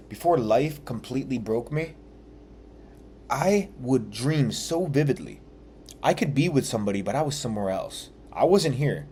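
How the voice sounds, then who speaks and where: A man's voice: medium pitch, mellow, slight background noise. A young man talking earnestly and confessionally about his own life, in casual slang with some swearing. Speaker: vlogger. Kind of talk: candid personal reflection.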